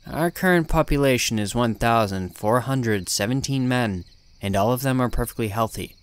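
Monotone, lifeless prison nurse, read by a man. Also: mid-range voice, normal speed, clear, resonant tone, lightly acted. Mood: flat. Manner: flat, clinical answers.

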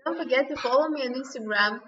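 A woman's voice: high voice, fast, fairly bright tone. A woman hosting a game stream, chatting and teasing casually, recorded muffled from a distance. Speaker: streamer host.

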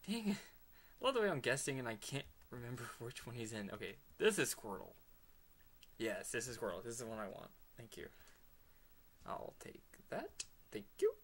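A man giving excitable let's play commentary, laughing often and slipping into whispered asides. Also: mid-range voice, fairly quick, breathy edge. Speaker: gamer.

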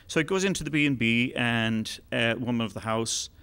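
A man telling a long joke to a concert audience. He rambles along in a relaxed way with fillers, at a middling pitch. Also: brisk, clear, resonant tone. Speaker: musician telling a joke on stage. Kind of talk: told joke, live storytelling. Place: concert hall.

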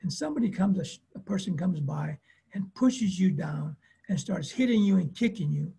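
A man with a very husky, breathy voice and a soft, mellow tone, speaking as a therapist in a webinar. He talks plainly and tells stories, driving each point home by repeating it. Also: high voice, expressive, moderate pace. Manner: emphatic, repetitive phrasing with acted-out quotes; plainspoken storytelling. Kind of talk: webinar talk on family conflict.

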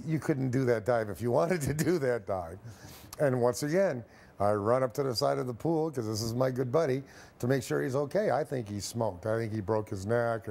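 Middle-aged ex-athlete, deep gravelly fry, dark tone, tells an animated story to an interviewer. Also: male voice. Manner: lively storyteller who acts out the dialogue. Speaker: former professional high diver, interview guest.

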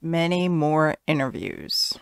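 A woman's voice: sits low, expressive, takes it slowly, creaky, smooth, dry recording, studio quality. A woman co-hosting a casual podcast at home, giggling often and answering in short bursts. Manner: giggly, brief replies. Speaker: podcast co-host. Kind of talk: casual chat. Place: home studio.

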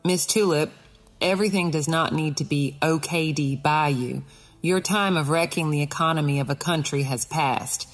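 A sharp-tongued snapdragon from a storybook, blunt and snappish, as a woman reader puts her on. The voice is low. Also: fairly even intonation, a little fast, few pauses, big-room sound, faint music behind.

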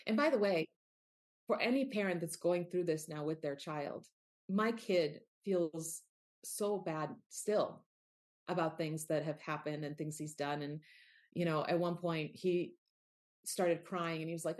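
A middle-aged woman who is an author and interview guest speaks earnestly and heartfeltly during a candid conversation, with quoted asides along the way. She has a low-pitched, darkish voice and talks a little slowly.

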